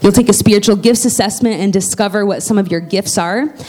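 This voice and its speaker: A woman's voice: medium pitch, brisk, mellow. A woman pastor making church announcements from the pulpit, chatty and heartfelt, with plenty of fillers and restarts.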